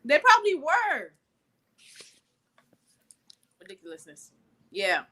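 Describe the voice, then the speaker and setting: Bright-voiced blunt woman co-host. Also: high-pitched, wildly swooping pitch, slow. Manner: blunt, rambling, lots of filler words. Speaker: podcast co-host. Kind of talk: casual chat.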